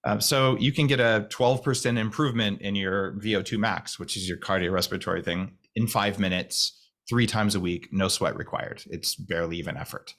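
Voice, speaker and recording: Gravelly fast-talking man. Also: on the low side. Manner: fast talker with restarts, slows voice to demonstrate calm. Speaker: guest speaker on a video call. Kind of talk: fast, rambling talk to a group.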